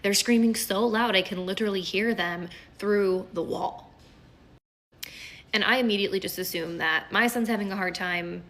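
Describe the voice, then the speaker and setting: A woman in her thirties, a kindergarten teacher and mother, telling a casual story in an animated, chatty way with quick asides. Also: medium pitch.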